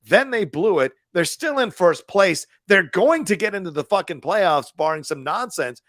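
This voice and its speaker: Podcast co-host, male, lively, sweary sports talk, dry close mic. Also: high-pitched, moderate pace, no echo. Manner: animated, profane, laughs often.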